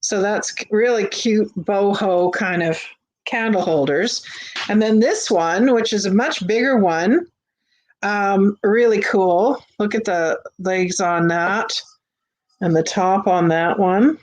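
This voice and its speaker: A woman hosting a live vintage sale from her home, chatting casually with fillers as she shows each item. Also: mid-range voice. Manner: chatty, unhurried, with frequent fillers and restarts. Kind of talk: casual live-stream selling. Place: home on a busy street.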